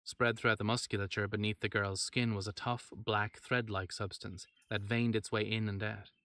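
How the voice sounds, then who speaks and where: A man reading a horror story aloud in steady narration, with wry asides. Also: lowish voice, moderate pace, no room sound.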